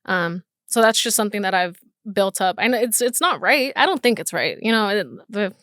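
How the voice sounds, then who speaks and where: A woman's voice: medium pitch, animated, fairly quick, fairly bright tone, dry recording, clean studio sound. A woman hosting her own podcast, telling a personal story in a candid, casual way, swearing often and restarting her sentences. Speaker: podcast host.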